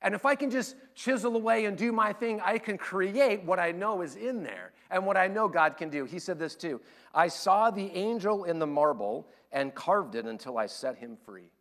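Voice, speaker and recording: A man preaching a sermon, telling stories in an animated way and acting out the voices he quotes. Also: sits high, moderate pace. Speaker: pastor.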